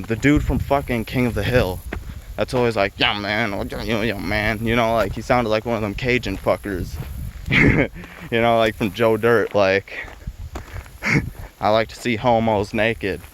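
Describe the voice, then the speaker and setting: Young guy, lower voice, foul-mouthed, laughing storyteller; noisy background. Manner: heavy swearing, laughs between lines. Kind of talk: casual spoken storytelling.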